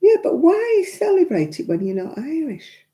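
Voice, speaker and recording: A frank, chatty Englishwoman hosts a live crafting stream, answering her viewers' comments as she goes. Her voice is very dark and mellow. She laughs easily and speaks her mind. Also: high voice, huge pitch swings, moderate pace. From England. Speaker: crafting livestream host. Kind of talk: chatty livestream talk.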